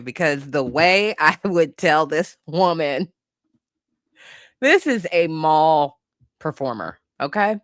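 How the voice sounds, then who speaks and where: A woman hosting comedic pop-culture commentary, animated and incredulous, swearing freely and breaking into laughter. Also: deep voice, slow pace, dry recording, clean studio sound. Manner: animated, incredulous, bursts of laughter, profane asides. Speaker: host.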